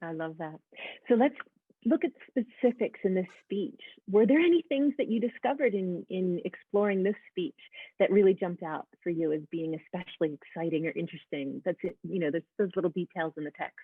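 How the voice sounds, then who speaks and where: A woman's voice: lowish voice, brisk, slightly rough, dry recording. A woman interviewer leading a webinar chat, explaining and encouraging her guest, heard over a video call. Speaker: director of education, interviewer. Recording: tinny dry call audio.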